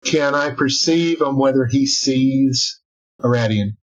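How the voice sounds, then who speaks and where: A man's voice: mid-range voice, slow. A man playing a tabletop game who gives short, terse answers and declares his actions plainly. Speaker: player. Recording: dull lo-fi recording.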